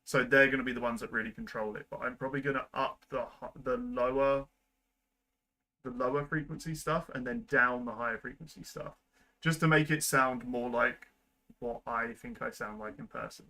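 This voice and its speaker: A young man at his computer, explaining video editing steps in a relaxed, rambling way full of ums and likes. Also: mid-range voice, moderate pace, poor audio. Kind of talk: casual screen-recorded tutorial. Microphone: desk microphone at a computer.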